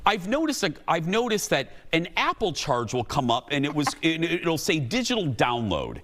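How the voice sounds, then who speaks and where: A middle-aged male talk show host spins a chatty, self-mocking story for a studio crowd. His voice sits a bit high and bounces all over the place as he talks. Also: wildly swooping pitch, moderate pace, a bit bright. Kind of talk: comic storytelling to a studio audience.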